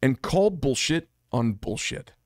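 A man's voice: mid-range voice, animated, slow, a little mellow, no echo, studio quality. A middle-aged American man who makes knives, talking alone to camera in a blunt, combative, profane manner. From United States. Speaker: knife maker and channel host. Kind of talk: solo monologue to camera.

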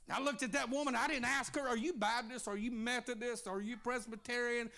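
A male pastor preaching a sermon, telling a story and shouting with many "uh" fillers. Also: very high voice, steady tone, brisk.

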